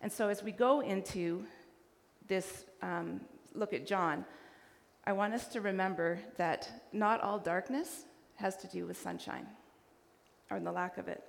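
Woman, from Canada, preacher, storytelling sermon, mid-pitched voice, echoing church hall. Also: unhurried, vocal fry. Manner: animated storyteller acting out dialogue. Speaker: guest preacher. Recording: hall reverb.

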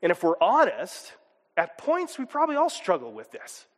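Animated pastor preaching in a hall. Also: male voice, high-pitched, moderate pace. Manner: animated, acts out voices, chuckles. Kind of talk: sermon.

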